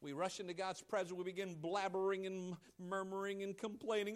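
A male pastor preaching a sermon, swinging between loud emphatic lines and quiet low asides, acting out quoted voices. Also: flat delivery, a little fast, few pauses, clean tone.

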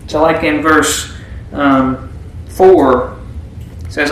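A man's voice: fairly high pitch, level tone, drawn-out words, pauses often, a bit bright, a little hiss or hum. A man teaching a Bible passage in a sermon, reading verses aloud and explaining them in a folksy way. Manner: folksy, reads scripture aloud then explains. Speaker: preacher. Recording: echoey room with faint ambience.

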